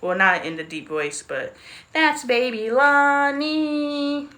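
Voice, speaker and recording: A woman's voice: sits high, animated, takes it slowly, pushed and bright. A woman in her forties hosting a casual livestream, talking candidly and chattily about old photos. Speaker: livestream host. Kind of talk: casual live-stream chat.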